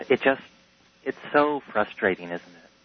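Male talk-radio caller, earnest and measured, muffled audio. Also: medium pitch, expressive.

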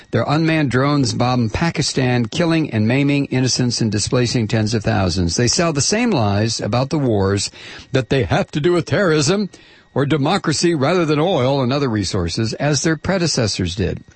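A male talk radio host with a husky voice, heard close and dry on a studio microphone. He halts and fills gaps with "uh" when talking to callers, then reads a written essay in a steady, pointed way. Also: medium pitch, dry recording. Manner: halting with many fillers in chat, steady and pointed when reading. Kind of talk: call-in talk radio, reading an essay aloud.

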